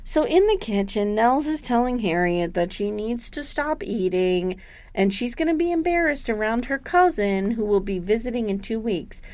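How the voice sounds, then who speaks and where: Woman podcast co-host, fairly high and very lively pitch, animated storyteller who squeals out impressions. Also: normal speed, no room sound. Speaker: podcast co-host recapping a TV episode. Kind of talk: casual chat.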